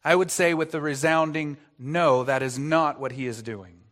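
A man's voice: a little high, steady tone, normal speed, fairly bright tone. A man preaching an expository sermon as pastor, earnest, asking rhetorical questions and stressing key words.

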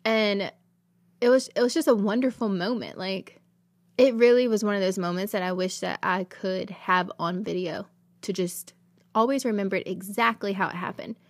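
A woman's voice: medium pitch, normal speed, dry recording. A woman, hosting a podcast and telling a personal faith testimony in an earnest, emotional, rambling way. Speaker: podcast host.

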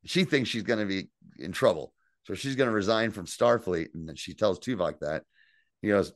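A man co-hosting a podcast, recapping an episode in casual, profane, animated chat. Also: lowish voice, brisk, dry recording, clean studio sound. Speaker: podcast co-host.

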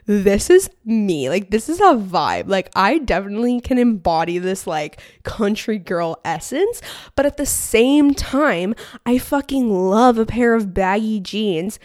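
A woman's voice: mid-range voice, no room sound, clean studio sound. A young woman hosting a casual solo podcast, bubbly and chatty, full of filler words, speaking into a podcast mic at home. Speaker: podcast host. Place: home room. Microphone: podcast mic on stand.

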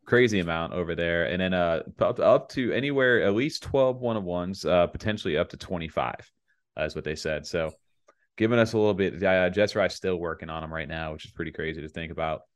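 Low-voiced laid-back podcast host. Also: male voice, fairly quick. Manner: rambling, laid-back, many fillers and laughs. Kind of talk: casual podcast chat.

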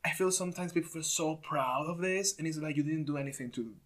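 A man's voice: a little high, quick pace, a bit bright. Reflective man from Venezuela. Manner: reflective, searching for words with many fillers. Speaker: conversation partner. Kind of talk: casual chat.

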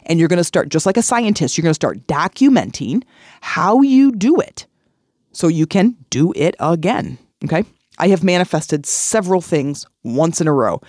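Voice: mid-range voice, expressive, moderate pace, darkish tone, dry recording, clean studio sound. A middle-aged podcast host giving a casual motivational talk, earnest and chatty, telling personal stories with lots of repeats and restarts.

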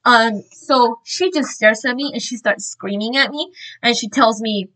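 A woman earnestly sharing a religious testimony, telling her story in an animated, informal way with frequent fillers and restarts. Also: a little high, unhurried, poor audio.

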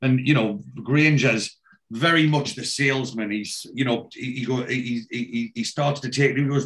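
A man's voice: medium pitch, normal speed, a bit bright. A man in casual chat, retelling a television episode scene by scene in a rambling way with frequent restarts and swearing.

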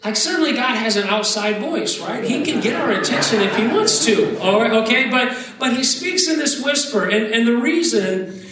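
A man in his thirties preaching a sermon as pastor, conversational and animated, with asides and repeated words. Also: extremely high pitch, moderate pace, a loud crowd. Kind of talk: sermon with prayer. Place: church sanctuary. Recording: echoey hall, voice from a distance, faint ambience.

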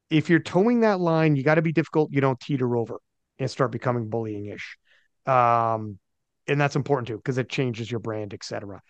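Higher-voiced animated male podcast host. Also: no echo, highs cut off. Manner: animated, slangy, mimics people he talks about. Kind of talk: casual podcast chat.

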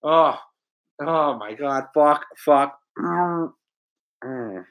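A young man co-hosting a sports betting podcast, ranting angrily and profanely in a fast run-on way. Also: a little high, muffled recording. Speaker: podcast co-host. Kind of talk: casual sports betting rant.

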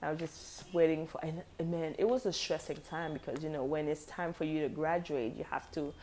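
A woman in her twenties casually telling a personal story, animated and slangy, acting out the dialogue. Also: low voice, brisk, a little hiss or hum.

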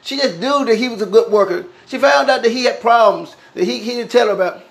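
A man with a very high voice tells a homespun story off the cuff. His tone is gravelly and a little husky. He stumbles and repeats himself as he goes, restarting lines often. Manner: halting, repetitive telling with frequent restarts. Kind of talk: improvised spoken storytelling.

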